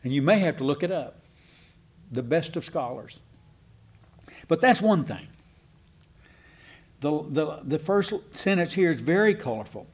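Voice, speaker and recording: A man giving a folksy, digressive Bible teaching to a congregation, slowing down to stress key words. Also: fairly high pitch, animated. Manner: folksy and digressive, slows down for emphasis. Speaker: preacher.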